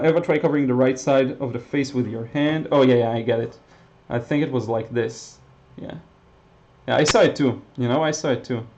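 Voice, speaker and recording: A man from Israel, Hebrew speaker, teaching watercolor live and chatting with viewers in a relaxed way with many fillers. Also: mid-range voice, muffled recording. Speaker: watercolor painting instructor. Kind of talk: live-stream painting demo, reading chat.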